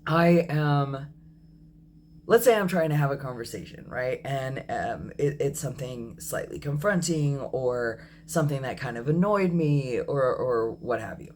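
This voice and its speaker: A man in his thirties speaks slowly and thoughtfully in a personal video diary. His talk is candid and reflective, with an apologetic edge, frequent ums and small self-corrections. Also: mid-range voice, expressive, a little mellow, slight background noise. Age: 30s. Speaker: vlogger.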